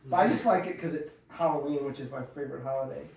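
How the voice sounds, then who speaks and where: A man's voice: on the high side, quick pace, gravelly, a little mellow, a little hiss or hum. A man in his forties, a podcast guest, chatting casually and joking, often slipping into mocking quoted voices. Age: 40s. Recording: roomy echo, far from the mic.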